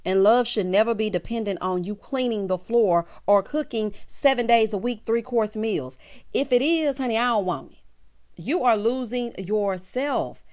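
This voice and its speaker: A woman hosting a casual reality-show recap, talking sassily and straight to her viewers, with big jumps in pitch for emphasis. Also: moderate pace. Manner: sassy, animated, talks straight to the viewers. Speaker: TV recap host.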